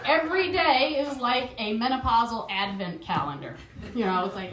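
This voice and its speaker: A woman's voice: a little high, animated, normal speed, a crowd in the background. Roomy, self-mocking New Zealand woman comic. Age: middle-aged. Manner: chatty, self-mocking, laughs at own jokes. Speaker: stand-up comedian. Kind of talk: stand-up comedy set. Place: stage at a live improv show. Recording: roomy live venue sound.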